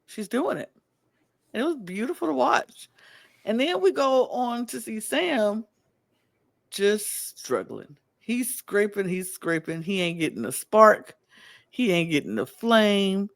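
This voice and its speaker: A man's voice: sits high, slow pace, vocal fry. A man co-hosting a podcast in casual chat, acting out quotes from the show. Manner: animated, acts out quotes from the show. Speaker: podcast co-host.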